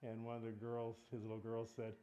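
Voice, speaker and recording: A man's voice: medium pitch, completely flat delivery, a little fast, dark tone, lo-fi sound. A man teaching a casual Bible study in a church meeting room, talking in a conversational way and asking the group questions.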